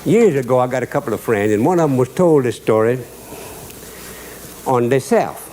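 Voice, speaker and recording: A man's voice: medium pitch, animated, normal speed, mellow, a little hiss or hum. A man with a Cajun Louisiana accent hosts a cooking show, drawling and joking as he walks through a recipe and chuckles at his own lines. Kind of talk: folksy cooking demonstration with storytelling.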